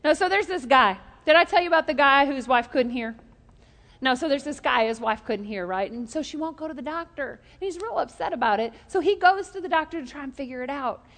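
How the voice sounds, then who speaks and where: A woman's voice: sits high, lively intonation, fairly quick, a bit bright, big-room sound. A woman pastor preaching a sermon, telling jokes and stories and leading the congregation in call-and-response.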